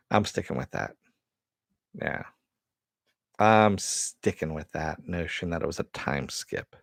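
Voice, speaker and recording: Deep-voiced man chatting casually. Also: expressive, takes it slowly, gravelly, long pauses, breathy edge, no room sound, studio quality. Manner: chatty, answers viewer chat, swears. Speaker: host. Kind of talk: casual live-stream chat.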